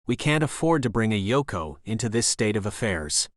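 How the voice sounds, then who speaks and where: A man's voice: lowish voice, sing-song, normal speed, no echo, studio quality. A man reading a curt, paranoid hacker. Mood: curt, suspicious. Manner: curt and accusing. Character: suspicious paranoid male hacker partner, cold. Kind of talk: audiobook character voice.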